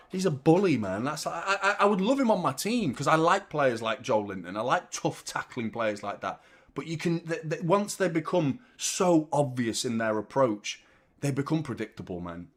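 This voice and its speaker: Male watchalong host, excitable live match reactions, loud, sweary. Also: mid-range voice. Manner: excitable, swears, shouts at the play.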